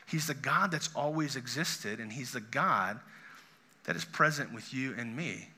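A man preaching a sermon, earnest, asking the congregation rhetorical questions and dropping low and soft on quoted words of comfort. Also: lively intonation, unhurried, husky. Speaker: pastor.

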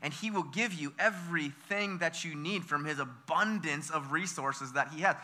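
A male pastor from the United States delivers a lively sermon in a high voice that sounds sharp and very bright. He throws question after question at the congregation and doubles back on his words as he pushes on. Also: normal speed. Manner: energetic, with call-and-response questions to the congregation; repeats words and restarts phrases.

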